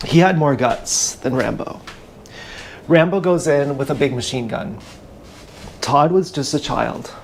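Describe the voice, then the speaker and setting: A man telling a meandering, profane story in a halting, casual livestream monologue, recorded on an action camera mic. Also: medium pitch, gravelly, slight background noise.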